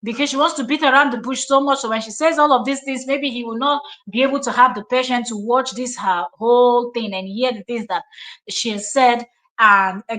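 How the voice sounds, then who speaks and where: A woman with a Nigerian accent holds forth on her live stream with a slightly high voice. She scolds and repeats her points with emphasis as she reacts to a clip. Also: a bit bright.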